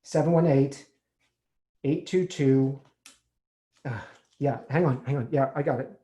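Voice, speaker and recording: A man playing an anxious recovering alcoholic on the phone to his sponsor, halting and stammering as he repeats himself. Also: mid-range voice, dark tone, natural voice. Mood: subdued. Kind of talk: stage monologue acting. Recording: echoey room.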